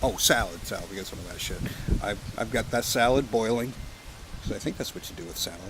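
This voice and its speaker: A man's voice: on the low side, expressive, quick pace. Man, from Canada, casual rambling vlog chat, jokey and profane, outdoor campsite, wind and leaf noise behind. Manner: rambling, joking, profane, chatty. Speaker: pipe-smoking vlogger. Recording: outdoor recording with clear wind and background noise.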